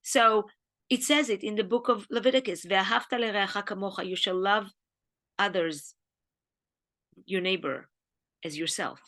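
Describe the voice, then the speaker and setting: A woman's voice: mid-range voice, moderate pace, long pauses, a bit bright. A woman with an Israeli accent gives an earnest, grieving talk on the weekly Torah portion, speaking in short emphatic phrases. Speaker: Jewish teacher.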